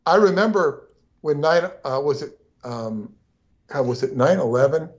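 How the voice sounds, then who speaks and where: A man's voice: fairly high pitch, animated, measured pace, lo-fi sound. A man co-hosting a casual livestream conversation, rambling along with frequent restarts and asides. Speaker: co-host.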